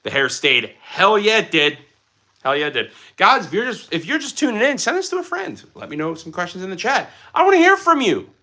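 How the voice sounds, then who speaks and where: Goofy guy hosting a livestream, reading chat, super bright voice that swoops up and down a lot. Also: sits high, big pitch swings, a little fast. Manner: playful and goofy, slips into silly voices. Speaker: livestream host.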